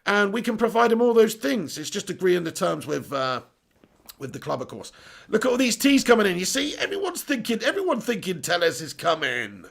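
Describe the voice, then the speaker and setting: A man hosting a live stream, chatting excitedly, laughing and bantering with mild swearing as he reads out viewer messages. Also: high-pitched, a little fast, gravelly.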